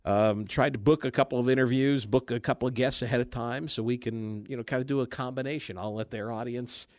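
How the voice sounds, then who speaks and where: A middle-aged man hosting a talk radio show in casual chat, halting with many restarts and fillers and frequent laughs. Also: medium pitch, fairly even intonation, darkish tone, no room sound, studio quality.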